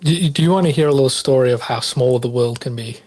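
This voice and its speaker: A man's voice: mid-range voice, fast talker, a little mellow. A man from South Africa hosting a casual podcast, telling stories in a loose, friendly way with many restarts. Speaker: podcast host. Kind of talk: casual chat.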